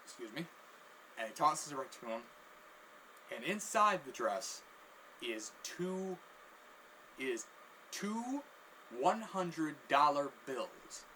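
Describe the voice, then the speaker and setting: A man's voice: on the high side, sing-song, slow pace, long pauses, sharp tone, a little hiss or hum, poor audio. A man telling a comic story casually, rambling and correcting himself as he goes.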